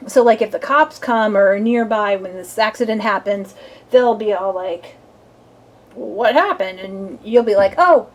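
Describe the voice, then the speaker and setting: A woman's voice: medium pitch, steady tone, normal speed. Chatty woman giving a tarot reading. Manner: chatty, playful, acts out little scenes. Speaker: tarot reader.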